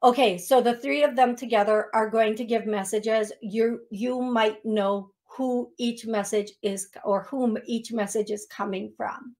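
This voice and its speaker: A woman's voice: on the high side, steady tone, measured pace, hardly any pauses. Chatty woman hosting a call-in show. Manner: warm, chatty, frequent restarts and ums. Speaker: psychic medium host.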